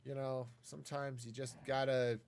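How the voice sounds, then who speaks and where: A man's voice: mid-range voice, level tone, normal speed, creaky, a little mellow, a little hiss or hum. A man casually talking through a live game stream, wry and self-mocking as he rambles. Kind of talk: casual gameplay commentary.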